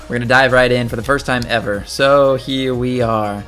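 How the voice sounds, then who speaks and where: A man's voice: medium pitch, steady tone, fairly quick, creaky, few pauses, a bit bright, soft background music. A man hosting a gaming channel, giving casual gameplay commentary and chatting as he thinks aloud while playing.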